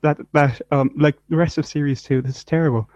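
A man's voice: fairly high pitch, steady tone, fast, a little mellow, no room sound. A man co-hosting a casual chat, rambling dryly with lots of fillers and trailing off. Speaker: podcast co-host. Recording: dry, dull lo-fi mic.

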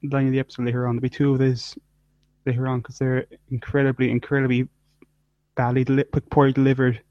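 A man's voice: medium pitch, completely flat delivery, quick pace, no echo. A man co-hosting a casual chat, rambling dryly with lots of fillers and trailing off. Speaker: podcast co-host. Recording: dry, dull lo-fi mic.

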